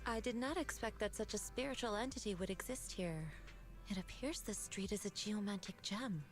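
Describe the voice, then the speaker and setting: A woman's voice: medium pitch, close to an everyday voice. A woman voicing Yixuan, a serene mystic. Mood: composed. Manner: measured, formal and serene. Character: calm composed young woman mystic. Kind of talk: game voice acting. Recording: game audio with faint music.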